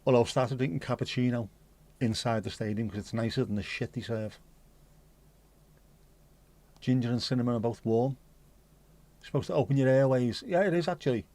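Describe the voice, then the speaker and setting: A man's voice: mid-range voice, a little fast, long pauses, mellow. Chatty man on a livestream. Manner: chatty, swears casually, answers chat aloud. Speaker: livestream host reading chat. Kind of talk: casual livestream chat. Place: home streaming setup.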